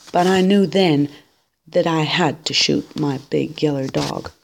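A woman reading a novel aloud in a steady, unhurried storytelling manner. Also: lowish voice. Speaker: reader.

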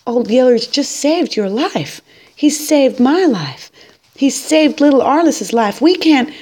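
A woman voicing a young frontier farm boy who pleads in a high, breaking voice in a storybook reading. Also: lively intonation, unhurried, warm tone. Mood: pleading.

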